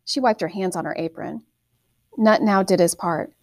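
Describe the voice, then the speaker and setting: Female audiobook narrator, steady and measured, dry close sound. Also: medium pitch, no room sound. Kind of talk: scripted fantasy novel narration.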